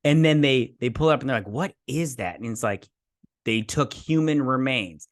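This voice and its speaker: A man's voice: mid-range voice, moderate pace, no room sound, clean studio sound. A man hosting a review show, recapping an episode casually in a rambling way, full of fillers, paraphrasing characters in his own voice.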